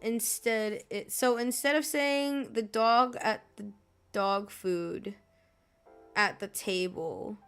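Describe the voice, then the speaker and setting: A woman's voice: medium pitch, slow, a bit bright, clean tone, soft background music. A woman streaming her art, chatting casually and muttering exasperated asides to herself, swearing and laughing as she goes. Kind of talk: casual chat while drawing.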